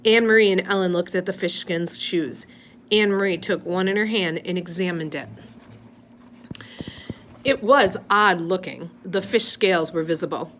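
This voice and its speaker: A woman's voice: lowish voice, moderate pace, a bit bright, a little hiss or hum. Woman reading a novel aloud. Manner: unpolished, stops to correct slips. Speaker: reader.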